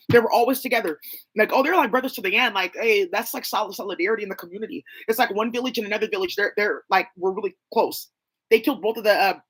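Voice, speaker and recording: Fast-talking husky woman rambling. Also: medium pitch, fairly bright tone. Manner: rambling, profane, jumping between names and claims. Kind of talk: casual rambling monologue.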